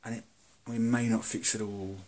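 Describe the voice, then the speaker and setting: A British man talking to camera in a candid, earnest monologue, blunt and halting, often restarting his sentences. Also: on the low side, flat delivery, darkish tone. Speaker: video host.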